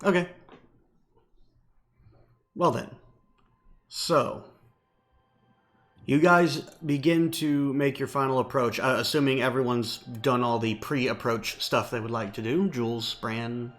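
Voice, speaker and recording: A man's voice: medium pitch, steady tone, slow pace, pauses often, a bit bright. A man narrating a tabletop game as game master in an easygoing, hesitant way.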